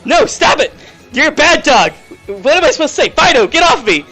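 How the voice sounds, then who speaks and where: A man's voice: very animated, a little fast, bright, forceful tone, soft background music, heavily acted. A man voicing a panicked armored male inmate. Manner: shrill, panicky.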